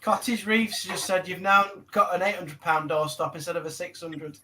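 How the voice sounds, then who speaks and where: A man's voice: high voice, moderate pace, heavy background noise. A man co-hosting a casual livestream, reading out comments in a jokey, teasing way. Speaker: co-host reading chat comments. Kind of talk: casual banter.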